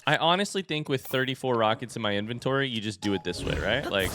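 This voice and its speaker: A man hosting a let's play, giving excitable and self-mocking commentary as he plays. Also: mid-range voice, fast talker, hardly any pauses, over music. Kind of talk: gameplay commentary.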